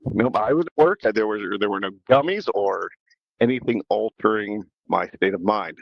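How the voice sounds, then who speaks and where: A man's voice: lowish voice, moderate pace, creaky, dry recording, dull audio. A man hosting a podcast and telling a story in a casual, rambling way, with many restarts. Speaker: podcast host.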